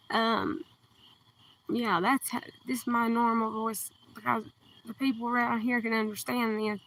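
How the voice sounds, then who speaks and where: A woman with a southern Kentucky accent, chatting on a livestream outdoors at night, speaking slowly and carefully enunciating into a phone. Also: on the high side, little pitch movement. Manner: slow, deliberately enunciated, soft-spoken. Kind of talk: casual livestream chat. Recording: distant phone mic, faint outdoor hiss.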